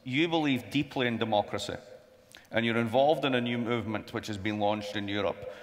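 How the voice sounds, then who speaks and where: A man's voice: on the low side, brisk. Wry male moderator in a big hall. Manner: conversational, wry asides. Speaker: moderator, professor. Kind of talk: onstage panel interview. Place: large conference hall. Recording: long hall reverb.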